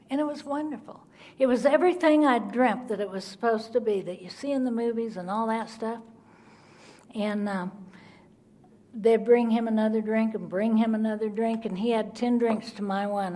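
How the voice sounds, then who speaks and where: A woman giving her Al-Anon recovery testimony, telling her story in an animated way and acting out the people in it. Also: mid-range voice. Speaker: Al-Anon speaker.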